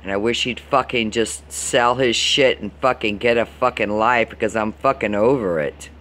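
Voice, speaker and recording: A Florida man vlogs an angry rant to camera, his fairly low, a bit bright voice at normal speed. Fed up and exasperated, he complains heatedly and swears constantly.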